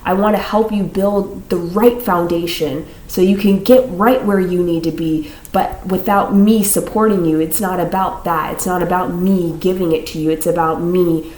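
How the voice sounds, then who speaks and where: A woman's voice: lowish voice, a little mellow, roomy sound, rough recording. A woman giving a casual tarot reading to her viewers, rambling with many fillers and restarts. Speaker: tarot reader.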